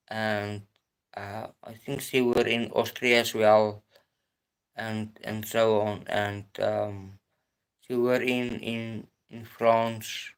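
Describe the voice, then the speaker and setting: A man's voice: mid-range voice, clean tone. A man hosting a casual live stream, answering his chat in a hesitant way with many restarts and fillers. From South Africa. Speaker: livestream host answering chat.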